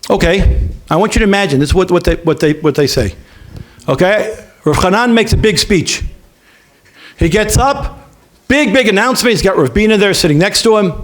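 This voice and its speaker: A man, a rabbi, talking to yeshiva students in a lively, conversational way, acting out bits of dialogue and checking in with his listeners. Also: sits high, normal speed. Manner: lively, acts out dialogue in different voices. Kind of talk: animated talk to a student audience.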